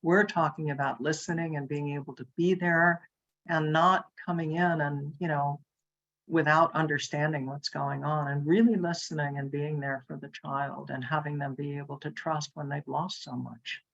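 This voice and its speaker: A woman's voice: sits low, steady tone, moderate pace, vocal fry, fairly bright tone. Woman chiming in on a webinar, supportive, long run-on sentences, kinda muffled lo-fi call sound. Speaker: co-presenter. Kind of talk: webinar discussion.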